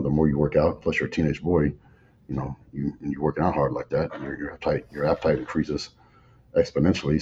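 A man in his forties, a bodybuilder guest in an interview, telling stories in a relaxed drawl and acting out old conversations. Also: very deep voice. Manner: laid-back drawl, acts out dialogue. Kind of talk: casual storytelling. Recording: slightly muffled audio, faint background noise.

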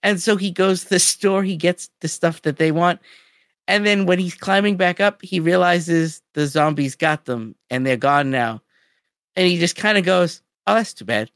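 Podcast cohost telling the story with lots of "like", dead dry close mic, mid-pitched voice. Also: normal speed, dry recording. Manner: animated storyteller, lots of "like" and "he's like". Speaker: podcast co-host. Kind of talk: casual chat, recapping a show.

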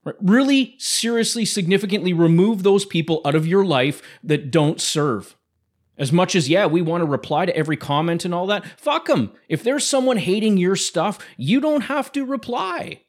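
A man's voice: sits high, lively intonation, moderate pace. Blunt, swearing motivational man. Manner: blunt, heavy swearing, pep-talk delivery. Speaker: podcast host. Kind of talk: motivational monologue.

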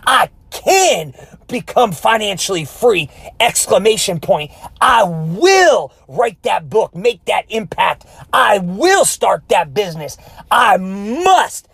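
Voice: medium pitch, big pitch swings, takes it slowly, gravelly, a bit bright, husky, no echo. A life coach giving a motivational podcast talk, with an emphatic, repetitive rallying cadence and preacher-like direct exhortation to the listener.

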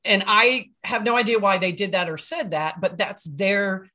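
A woman thinks aloud as she co-hosts a casual podcast chat. She weighs each idea as she goes. Her pitch sits in the ordinary middle range. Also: normal speed, sharp tone. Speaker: podcast co-host.

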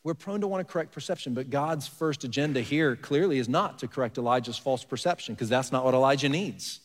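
Fairly quick and medium-pitched, a man preaches as pastor in a conversational sermon, pressing hard on key words and asking his congregation rhetorical questions. The church sanctuary gives his voice the long reverb of a large hall.

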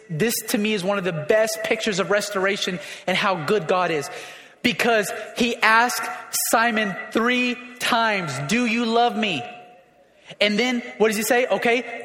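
Male pastor, high voice, impassioned sermon delivery, roomy hall reverb. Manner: emotional, building to shouts. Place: church hall. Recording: echoey hall.

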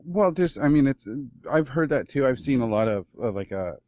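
A man co-hosting a podcast, trading relaxed banter and laughing often over a remote call. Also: mid-range voice, moderate pace, lo-fi sound. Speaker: podcast co-host. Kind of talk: casual chat.

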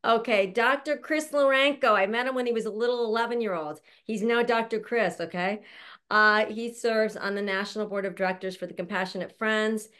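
A woman's voice: mid-range voice, a little fast, fairly bright tone, smooth. Chatty woman host on a video call, affectionate, laughs a lot. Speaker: show host introducing a panel. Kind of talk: casual chat.

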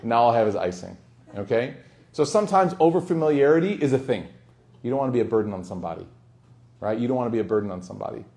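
A man's voice: medium pitch, animated, fast talker, vocal fry, a little mellow. A man teaching a religious study circle in a casual, joking way. He tells anecdotes and acts out the dialogue. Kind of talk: informal religious lesson.

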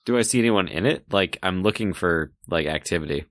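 A man with a deep voice and an animated, wide-ranging delivery plays a tabletop game. He hesitates often and fills gaps with 'like'. The sound is dry and close. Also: a little fast, no echo. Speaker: player. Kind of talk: tabletop game role-play.

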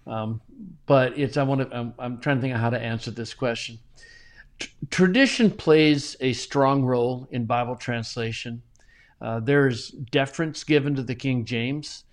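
A middle-aged man talking as a guest in a casual interview, animated and often chuckling, with frequent restarts. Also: mid-range voice, normal speed. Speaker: Bible translator guest.

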